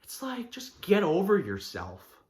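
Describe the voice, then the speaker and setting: A man rants through his own podcast, getting fired up and mocking people as he goes. His voice swings widely up and down in pitch, never staying flat for long. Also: measured pace. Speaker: podcast host. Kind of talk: casual ranting monologue.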